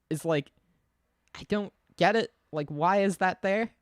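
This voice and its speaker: A man's voice: sits high, measured pace, no echo. Young male streamer, loose giggly rambling commentary, dry untreated mic sound. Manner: rambling, giggly, lots of fillers and restarts. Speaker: livestreamer. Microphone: desk mic, untested.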